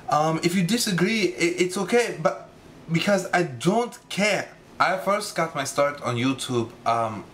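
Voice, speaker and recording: A young man putting on an awkward young man with a mock Polish accent, speaking in a deadpan, hesitant way with many ums and a repeated dismissive catchphrase. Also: very deep voice, gravelly, a little hiss or hum, voice pushed down, exaggerated voice. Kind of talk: comedic impression vlog.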